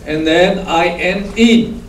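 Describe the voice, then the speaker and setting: A man with a Burmese accent teaching a class, drilling sounds slowly and patiently and checking with "no?" after each point. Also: a little high, a little mellow. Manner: slow, patient, repeats each sound with tag questions. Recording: echoey room from far off, faint hum.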